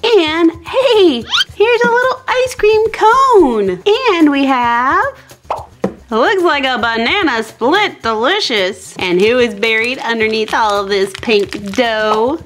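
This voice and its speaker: A bubbly woman narrates a children's toy unboxing in a high, sing-song voice. Her pitch bounces widely. The recording carries noticeable hiss. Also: animated, takes it slowly. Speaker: toy show host. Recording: noisy home recording.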